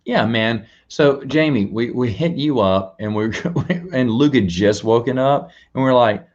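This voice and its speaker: In an unhurried, medium-pitched voice with a darkish tone, a man hosts a casual live stream, rambling, restarting words, chatting with viewers and reading out donations. The highs are cut off in the audio.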